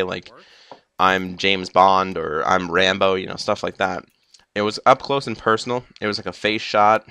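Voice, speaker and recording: A man's voice: on the low side, a bit bright, no room sound, clean studio sound. A young man giving a casual TV episode review, rambling with lots of fillers, a little groggy and slurring as if he just woke up. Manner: rambling, filler-heavy with many "like" and "uh".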